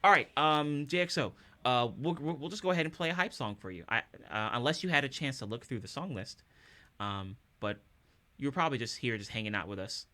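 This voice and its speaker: A man's voice: medium pitch, animated, a little fast, bright, forceful tone. A man hosting a casual livestream, upbeat and chatty with his viewers, chuckling often. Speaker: streamer and musician.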